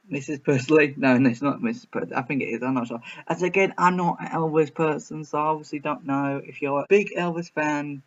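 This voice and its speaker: A man reviewing a film in a casual reaction video, rambling and hesitant with many restarts. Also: mid-range voice. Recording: slightly muffled.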